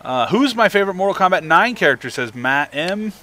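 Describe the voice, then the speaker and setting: A man's voice: high voice, big pitch swings, a little fast, pushed and bright. Upbeat young man reading chat. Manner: upbeat, reads viewer messages aloud. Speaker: livestream host. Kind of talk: casual live stream chat.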